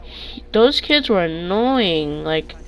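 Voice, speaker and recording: A man's voice: sits high, takes it slowly, a little hiss or hum, rough recording. Rambling young guy telling stories. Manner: rambling, restarts often, loud excited retellings. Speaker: vlogger. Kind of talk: casual storytime. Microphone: clip-on mic.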